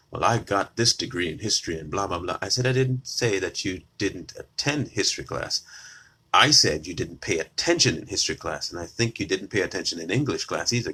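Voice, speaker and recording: A man's voice: low-pitched, pushed and bright, husky. A man giving a combative opinion monologue straight to his viewers, repeating his lines for emphasis. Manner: combative, repetitive, addresses viewers directly. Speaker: political commentator.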